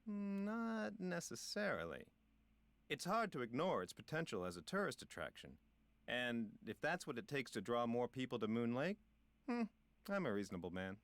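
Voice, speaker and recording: A man's voice: medium pitch, very animated, normal speed, a bit bright, no echo. A middle-aged man voicing a self-important, folksy park ranger in a video game, with a drawling, punny delivery. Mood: knowing.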